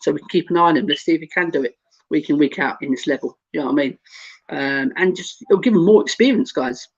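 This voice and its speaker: An easygoing host chatting about football, laughing often as he reads viewers' comments. His voice sits a little higher than most men's. The audio is dull and lo-fi, like an online call. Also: quick pace, husky. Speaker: show host. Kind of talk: casual football chat.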